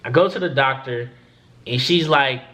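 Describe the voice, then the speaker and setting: In a mid-range voice at a moderate pace, a young vlogger recounts a story to the camera. The telling is casual, animated and profane, with him acting out what others said.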